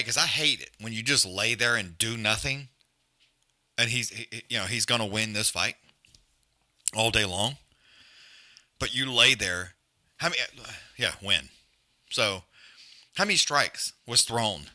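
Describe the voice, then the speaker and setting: A man's voice: mid-range voice, sharp tone. A man hosting a live fight watch-along, trash-talking fighters in blunt, profane casual chat. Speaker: live stream host.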